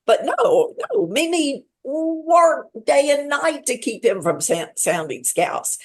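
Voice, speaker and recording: A woman author talking as a guest on a podcast, telling stories in a lively, chatty way with quick asides. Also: high-pitched. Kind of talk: casual podcast chat.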